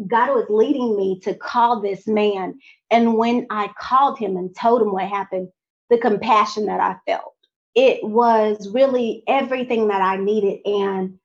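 A young adult woman telling a personal faith testimony in an animated way, talking straight to her audience. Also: on the high side, muffled recording. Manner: animated, addresses audience directly. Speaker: speaker sharing a testimony.

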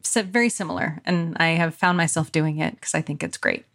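A woman's voice: sits low, fairly bright tone. Chatty, laughing woman podcast co-host. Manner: chatty, laughing, quick asides. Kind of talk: casual podcast chat.

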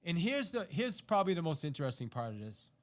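An animated, middle-aged man hosting a podcast and telling a personal story. His voice sits fairly high for a man, and he acts out the quoted lines and often restarts his sentences. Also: fast. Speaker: podcast host. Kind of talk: personal story told to listeners.

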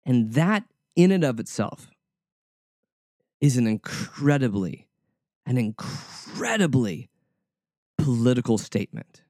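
A man's voice: medium pitch, sing-song, takes it slowly, pauses often, darkish tone, dry recording. Man preaching a casual sermon in a dry room. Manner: informal, repeats words while searching for them. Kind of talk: conversational sermon.

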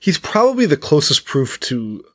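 Brief: young male podcast co-host, casual, animated storyteller, swears freely. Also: a little high, moderate pace, no room sound, studio quality. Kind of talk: casual chat.

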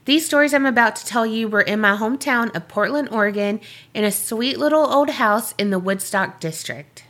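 A woman co-hosting a podcast, bantering with quick laughs and reading a listener's email aloud. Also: on the high side. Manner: giggly, animated, quick banter. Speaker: podcast co-host.

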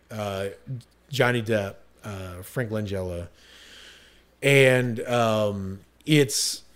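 A man's voice: fairly low pitch, a bit bright. Enthusiastic rambling male podcast host. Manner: enthusiastic, rambling with fillers and restarts. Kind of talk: casual podcast chat.

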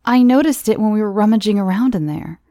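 A woman's voice: medium pitch, lively intonation, fast, mellow, dry recording, studio quality, lightly acted. Woman doing an alarmed young woman.

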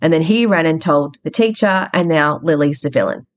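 Her low-pitched voice has lively intonation and moves at a moderate pace. Hosting a podcast, she delivers a casual storytelling monologue, frank and chatty, retelling conversations as she goes.

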